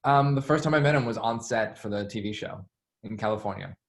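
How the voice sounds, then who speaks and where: A man being interviewed, telling stories in a chatty, animated way with lots of "like". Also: on the low side, brisk, vocal fry. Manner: chatty, animated, heavy use of "like". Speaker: interview guest, former assistant. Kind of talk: casual storytelling interview.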